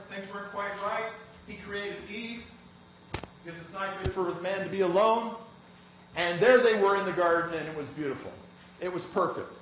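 A male pastor preaching a sermon, reading scripture aloud in an animated way to a congregation. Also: high voice, slight background noise. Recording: echoey, slightly dull church recording.

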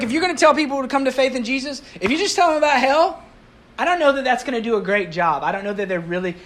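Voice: medium pitch, slight background noise. A pastor giving a sermon to a congregation in a conversational way, asking the audience rhetorical questions and mixing in light humor.

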